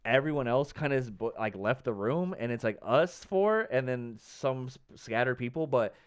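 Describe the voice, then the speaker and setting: A young man co-hosting a podcast tells a story during casual chat, his medium-pitched voice smooth and at normal speed. He's animated, acts out quotes, and says "like" and "dude" a lot.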